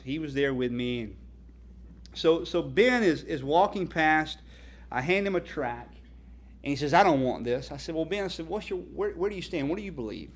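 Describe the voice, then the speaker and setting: A man speaks at a dinner as a ministry founder, telling stories and asking rhetorical questions. He is earnest and emphatic, and his voice sits a little high. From North Carolina. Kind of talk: dinner speech with preaching stories. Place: banquet hall.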